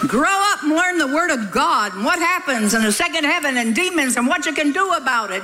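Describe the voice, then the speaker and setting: An older woman preaching a sermon, lively and exclamatory, with playful asides and stories from her family life. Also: sits high, a little fast, hardly any pauses, a crowd in the background, rough recording.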